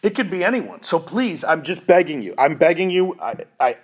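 A man's voice: on the high side, expressive, brisk, husky. A middle-aged man hosting a lacrosse show, speaking in an earnest, pleading monologue and often repeating himself. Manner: pleading, emotional, repeats phrases and restarts.

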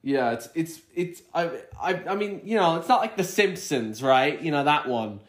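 A man's voice: a little high, lively intonation, normal speed. Rambling, cursing man in an echoey room. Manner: rambling, profane, many restarts. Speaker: podcast co-host. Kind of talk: casual movie-review chat. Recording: roomy echo.

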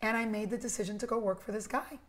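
A middle-aged woman from Cuba, raised in New Jersey, with a New York accent, telling her story as an interview guest in a lively, emphatic way. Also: medium pitch, fast, slight background noise. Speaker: interview guest, media executive. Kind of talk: casual conversational interview.

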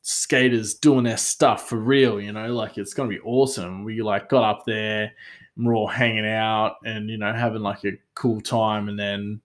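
Guy with a slightly low voice, loose self-deprecating storytelling full of "like" and "um". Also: level tone, moderate pace. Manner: rambling, many fillers, self-mocking, laughs often. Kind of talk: casual storytelling monologue.

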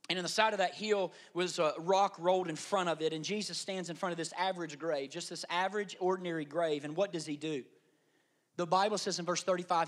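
A man pastor delivering an animated sermon, dropping to hushed asides and rising to loud emphasis. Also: a little high.

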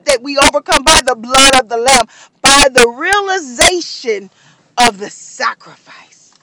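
A preacher delivering an emotional sermon, breaking into shouted whoops and drawing phrases out slowly. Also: mid-range voice. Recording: loud background noise, vehicle sounds.

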